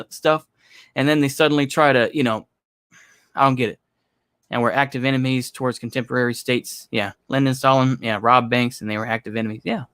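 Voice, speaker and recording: A man's voice: a little high, fairly bright tone, no room sound, studio quality. Blunt, profane man ranting solo. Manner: blunt, profane, rambling with many "you know" fillers. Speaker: commentary channel host. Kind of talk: casual opinion monologue.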